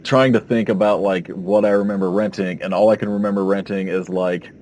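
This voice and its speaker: A man's voice: low voice, fairly even intonation, a little fast, a little mellow, a little hiss or hum. A man co-hosting a podcast in casual chat, rambling and hesitant as he recalls things. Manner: rambling, hesitant, full of "like" fillers. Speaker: podcast co-host.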